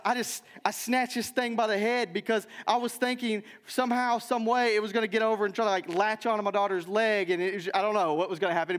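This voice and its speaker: A male pastor delivering a sermon in a church, telling stories in an animated way and often checking in with "right?". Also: high voice, in a large hall. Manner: animated storytelling with frequent "right?" asides. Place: church sanctuary.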